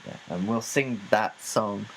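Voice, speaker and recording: A man's voice: lowish voice, fairly even intonation, unhurried, fairly bright tone, a little hiss or hum, low-quality recording. A man co-hosting a casual comedy podcast, talking in a playful way and jumping into silly bits. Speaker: podcast co-host.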